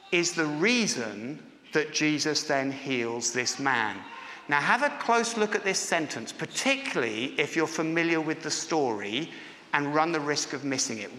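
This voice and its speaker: A man's voice: on the high side, pushed and bright. A man preaching a sermon in church, talking conversationally and putting questions to the congregation. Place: church hall. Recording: echoey hall with long reverb.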